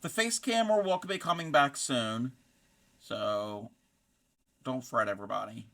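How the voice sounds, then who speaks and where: A man chats on his crochet live stream with a bright, forward voice. He rambles through greetings to his viewers and drops puns and references as he goes. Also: medium pitch, unhurried, gravelly. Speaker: crochet streamer and fiber artist. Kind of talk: casual live-stream chat.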